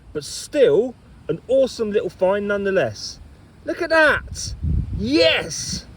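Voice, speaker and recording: A man's voice: high voice, a little mellow, husky. A man metal detecting outdoors, chatting playfully to camera and mock-scolding his finds. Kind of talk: casual talk to camera while detecting. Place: outdoors in a field.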